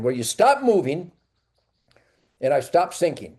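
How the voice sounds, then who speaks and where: An older man, a podcast guest, telling hunting stories with emphasis, repeating words and acting out his own shouts. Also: sits high, animated, normal speed. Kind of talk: animated hunting storytelling.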